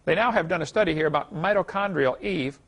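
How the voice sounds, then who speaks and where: Pitched on the high side with vocal fry, he speaks quickly. In a lecture hall, the middle-aged creation seminar speaker delivers a folksy talk, laughing at his own anecdotes.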